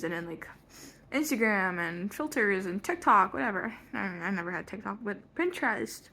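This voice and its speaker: A teenage girl in a casual vlog, telling a long story in a rambling way, full of "like" and quick self-corrections. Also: mid-range voice, animated, bright, forceful tone. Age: teens. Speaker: vlogger. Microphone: front phone camera.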